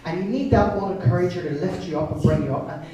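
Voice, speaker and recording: A man in his forties preaching a sermon, telling stories in an animated way. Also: high voice, fast talker. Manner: animated storytelling, acting out voices. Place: church service. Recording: echoey church hall from far off.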